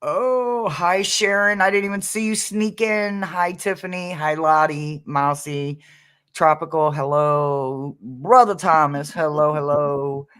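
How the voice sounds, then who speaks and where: Brief: higher-voiced male tarot streamer, chatty and playful, quick to laugh. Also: steady tone, fairly bright tone, smooth. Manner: chatty and playful, laughs often, greets viewers. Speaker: tarot reader hosting a live stream. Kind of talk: casual live-stream chat.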